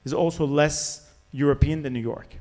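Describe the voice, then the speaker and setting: A French investor with a French accent answers candidly and jokingly on a startup panel, using many "like" fillers. His voice is on the high side, slightly mellow, at normal speed.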